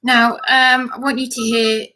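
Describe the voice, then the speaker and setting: A woman telling her story to camera in a rushed, indignant way, restarting and repeating phrases, saying she feels ill and worn out. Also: a little high, little pitch movement, bright, forceful tone. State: feeling ill and exhausted. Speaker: vlogger. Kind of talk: agitated personal account to camera.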